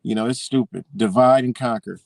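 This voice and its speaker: A man's voice: medium pitch, fairly quick, gravelly. A man hosting a live stream, ranting in a heated, rambling way with a lot of profanity. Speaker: livestream host. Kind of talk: unscripted live-stream rant.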